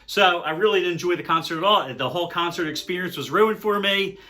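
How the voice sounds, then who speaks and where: An older man telling a concert story to camera in a casual, animated way. He swings from loud excitement to hushed dread. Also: high voice, fast. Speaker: music vlogger.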